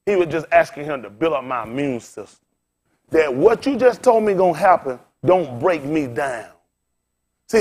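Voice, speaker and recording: A man in his fifties preaching to his congregation, tired and frustrated, firing off rhetorical questions and repeating phrases with sudden rises and drops in force. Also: fairly high pitch. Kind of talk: impassioned sermon to a congregation.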